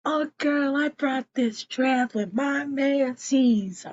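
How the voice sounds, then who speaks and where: A brash young mistress, boastful and taunting, voiced by a woman retelling the episode. She drawls slowly. The recording is dull and lo-fi. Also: sits high, pitched above the performer's own voice.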